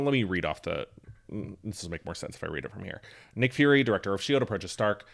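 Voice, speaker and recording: A man chatting casually on a podcast, joking and telling stories about films. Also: lowish voice. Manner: joking, animated storyteller. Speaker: podcast host.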